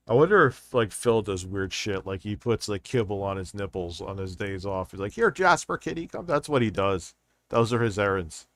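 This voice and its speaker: A man's voice: sits low, normal speed, no room sound. Profane ranting man on a stream. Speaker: streamer reacting to videos. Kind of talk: casual live-stream commentary.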